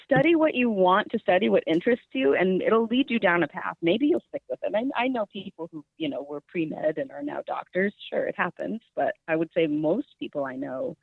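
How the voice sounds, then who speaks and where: A middle-aged woman telling stories in a casual interview, chatty and quick to laugh. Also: lowish voice, creaky, no room sound. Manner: chatty, laughs often, animated storyteller. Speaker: guest. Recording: tinny phone-like line.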